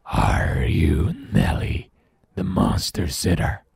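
A man voicing a big, scary male monster in a children's story, with a slow, breathy half-whisper. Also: sits low, very animated, darkish tone, no echo, studio quality, heavily acted. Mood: eerie.

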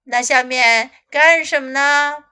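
A cross, sleepy squirrel from a storybook, yelling crossly and scolding in a high, bright voice. A woman acts him out as she reads aloud. She talks slowly, leaning on each word. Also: expressive, heavily acted. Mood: grumpy. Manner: shouting crossly. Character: sleepy, grumpy, angry squirrel.

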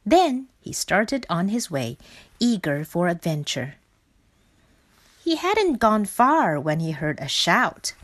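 Slow, expressive woman reading a picture book. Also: lowish voice. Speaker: storybook reader.

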